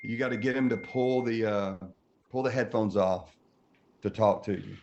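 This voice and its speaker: A man who is a podcast guest, telling a comic story in an animated way and laughing often through it. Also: lowish voice, moderate pace. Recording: muffled audio with faint noise.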